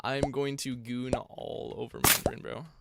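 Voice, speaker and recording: A man's voice: mid-range voice, little pitch movement, normal speed, vocal fry. A young man streaming a game, chatting casually with viewers in a rambling, joking, slang-heavy way. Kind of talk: casual livestream chat while gaming. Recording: loud background noise.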